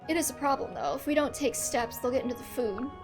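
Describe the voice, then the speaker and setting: A woman reading the lines of a calm, polite male ninja in a game scene. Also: high voice, fast, music in the background, close to an everyday voice.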